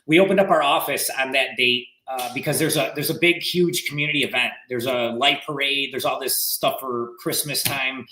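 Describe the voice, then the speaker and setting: A man's voice: mid-range voice, normal speed, few pauses, echoey room, rough recording. A man telling a story in casual podcast chat, acting out what others said. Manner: animated storyteller acting out quotes. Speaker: real estate agent.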